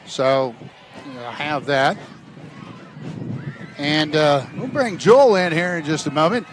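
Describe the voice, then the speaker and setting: A man doing play-by-play commentary on a high school football game on a headset, talking loosely with lots of fillers and restarts. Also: slow, background noise. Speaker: play-by-play announcer.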